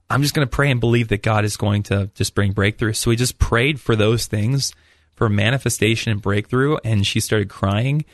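A man's voice: medium pitch, dry recording, studio quality. Earnest man sharing a faith story. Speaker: radio show co-host. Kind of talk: testimony and prayer.

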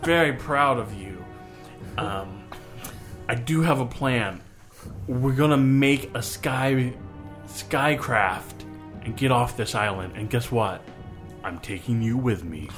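A man's voice: medium pitch, slow pace, pauses often, a bit bright, soft background music. A man playing an earnest male druid, a nature-loving dreamer who rambles grandly about escaping. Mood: rambling.

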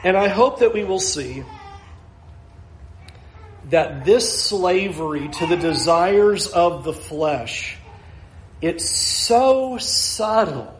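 A man's voice: high voice, animated, extremely slow, pauses often, slight background noise. A middle-aged male pastor preaching a sermon earnestly, acting out the answers of the people he counsels. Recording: echoey room with faint ambience.

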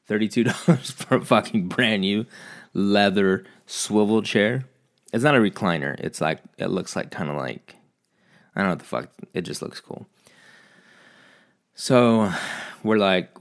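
Deep-voiced man, casual rambling vlog monologue, lots of swearing, self-mocking. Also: moderate pace. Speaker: vlogger.

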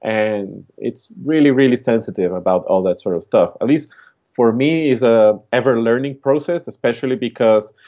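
A man's voice: medium pitch, normal speed, dark tone. A man from Chile with a Chilean Spanish accent, co-hosting a casual chat, reflective and rambling with lots of fillers. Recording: dull lo-fi recording.

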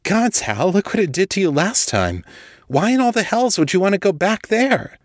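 A man voicing a commanding young woman investigator who talks briskly, with an exasperated edge. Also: medium pitch, animated, a bit bright, no room sound, clean studio sound, natural voice. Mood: urgent.

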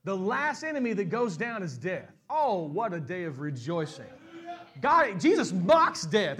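A middle-aged pastor, preaching from the pulpit. His voice sits high for a man. He climbs into loud, ringing peaks and then drops back to quiet, and he stumbles and repeats words when he speeds up. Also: sing-song, husky. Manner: repeats and restarts words when speaking fast. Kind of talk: sermon.

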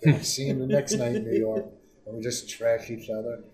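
A middle-aged man telling stories in casual talk, profane and animated. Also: medium pitch, fairly quick, roomy sound, recorded from a distance, low-quality recording. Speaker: comedian guest. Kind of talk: casual storytelling.

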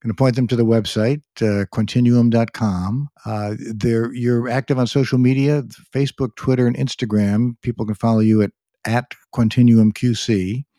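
A man hosting a podcast, thanking his guest and wrapping up the episode in a friendly, brisk way. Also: medium pitch, fairly even intonation, warm tone, no echo, clean studio sound. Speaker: podcast host. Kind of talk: podcast host outro.

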